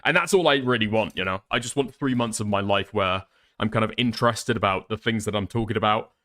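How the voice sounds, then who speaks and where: A man's voice: on the low side, brisk, fairly bright tone. A man chatting casually and rambling on a live stream, swearing often. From northern England.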